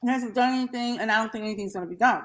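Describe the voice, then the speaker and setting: A woman hosting a casual opinion chat, talking in a fired-up, animated way and acting out what others said. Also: on the high side, racing, crowd noise. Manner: animated, fired-up, quotes people in mock voices. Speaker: host.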